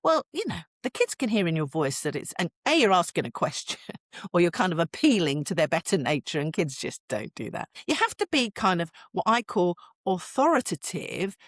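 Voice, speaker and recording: A middle-aged British woman, a parenting expert guest on a podcast interview, telling stories in an animated, expressive way and laughing often. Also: fairly low pitch, normal speed, no echo, studio quality.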